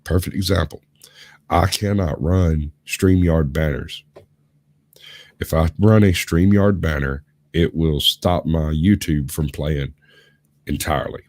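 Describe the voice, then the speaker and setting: A sick man with a hoarse, gravelly voice, rambling and explaining in a casual chat as host of a live stream. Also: very deep voice, takes it slowly, a little mellow. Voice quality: rough, gravelly. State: hoarse from illness.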